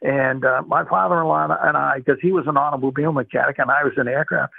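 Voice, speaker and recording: A man's voice: a little high, steady tone, quick pace, creaky, no room sound. An older man from Boston, retired, telling his life story in an interview with lots of fillers and restarts. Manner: rambling, warm storytelling with many fillers. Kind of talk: oral history interview. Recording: tinny phone-like dry sound.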